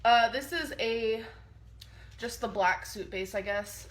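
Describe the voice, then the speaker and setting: A woman's voice: a little high, slow, a bit bright. A woman vlogger with a stuffy nose, chatting casually between bites of food and breathing a little heavily. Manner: chatty, rambling, chewing between remarks. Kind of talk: casual mukbang chat while eating.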